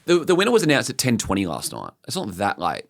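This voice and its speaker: Fast-talking, low-voiced Australian man. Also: wildly swooping pitch, gravelly. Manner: quick interjections, pushes back briefly. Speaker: podcast co-host. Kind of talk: casual chat.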